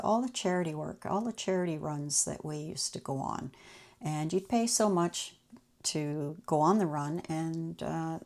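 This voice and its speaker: Low creaky woman telling stories. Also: a little mellow. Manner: chatty, anecdotal, acts out quoted people. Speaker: channel host. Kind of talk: casual personal storytelling.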